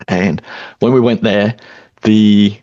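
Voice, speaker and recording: Low-voiced male podcast host, dull lo-fi sound. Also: slow, dry recording. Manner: relaxed, reflective, thinks aloud with fillers. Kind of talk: casual podcast conversation.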